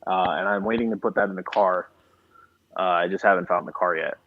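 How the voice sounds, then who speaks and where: A man's voice: low voice, fairly even intonation, brisk. A man who is a guest on a car show, telling a story in casual chat and acting out both sides of a phone call. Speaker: guest, classic car dealer.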